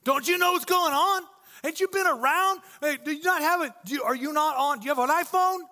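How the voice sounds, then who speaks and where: A man voicing an exasperated traveler who mocks a stranger in loud disbelief. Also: very high voice, fairly quick, in a large hall, pitched above the performer's own voice. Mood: incredulous.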